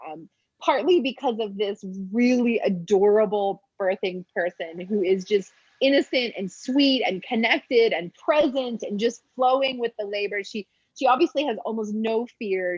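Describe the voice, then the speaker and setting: A woman midwife commenting on a birth video, talking enthusiastically and explaining with many pauses and ums. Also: mid-range voice, breathy edge, dry recording, highs cut off.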